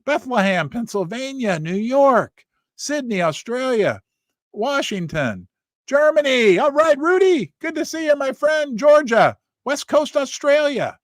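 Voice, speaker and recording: A middle-aged man with a fairly high voice chats casually while hosting a livestream. Reading out viewers' names and locations, his pitch swings widely in quick, animated bursts. The sound is close and dry, with no echo.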